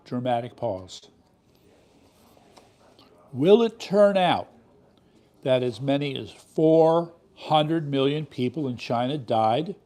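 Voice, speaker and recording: A man's voice: medium pitch, dark tone. Indignant man hosting a commentary show. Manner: indignant, emphatic, rhetorical questions. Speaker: show host. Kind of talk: political commentary monologue.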